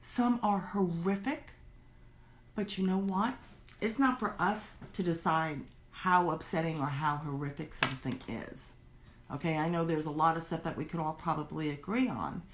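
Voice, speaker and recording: A woman's voice: sits low, normal speed. Chatty woman teaching a workshop. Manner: chatty, animated, acts out quoted inner voices. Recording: roomy echo.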